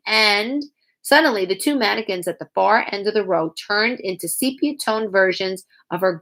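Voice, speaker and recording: Female narrator reading a kids' novel aloud; animated, plays every character herself. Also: medium pitch. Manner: acts out characters with lively voices. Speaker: reader.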